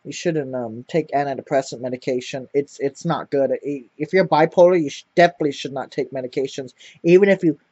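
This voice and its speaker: A man's voice: medium pitch, a little fast, few pauses, warm tone, no room sound. A man telling a rambling personal story to camera, repeating words and swearing often. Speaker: vlogger. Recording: dull lo-fi dry sound.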